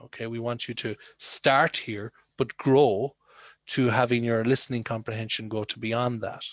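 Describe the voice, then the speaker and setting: A man's voice: medium pitch, little pitch movement, normal speed, no room sound. A man teaching an English listening lesson over a video call, talking conversationally and putting questions to his students. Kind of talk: online lesson.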